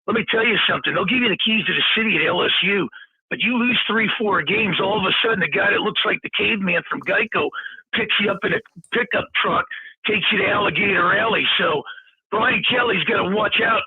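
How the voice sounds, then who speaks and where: A man's voice: high voice, fairly quick, breathy edge, no echo. A man giving blunt, opinionated takes in casual sports talk, heard over a remote call. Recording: dry, tinny phone-like line.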